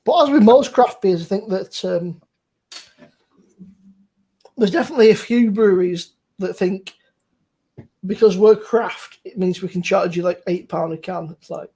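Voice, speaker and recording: A young man with a Bristol accent hosts a relaxed chat over beers. His voice is husky and a little breathy. He rambles along in a laid-back way, swearing freely as he talks. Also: high voice, normal speed, long pauses. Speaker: podcast host.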